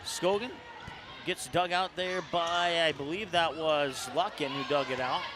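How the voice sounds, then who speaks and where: A man with a high, Upper Midwest American voice calls a high school volleyball match play by play. His calls come quick and jump to a shout on the big points. The gym feed carries plenty of noise behind him. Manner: rapid calls that rise to shouts on big plays. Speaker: play-by-play announcer. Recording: noisy gym broadcast.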